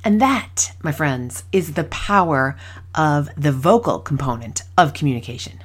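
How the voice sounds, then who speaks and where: Woman podcast host, middle-aged, lower-pitched, very lively intonation, emphatic teaching delivery. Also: a little slow, slightly rough, faint music behind. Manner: animated, emphatic, laughs between points. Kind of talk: podcast teaching on workplace communication.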